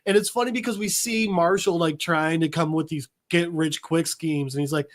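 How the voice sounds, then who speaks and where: A man in his thirties, a podcast co-host, retelling a comic book in casual chat and acting out the dialogue in quick voices with frequent laughs. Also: fairly high pitch, steady tone. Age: 30s.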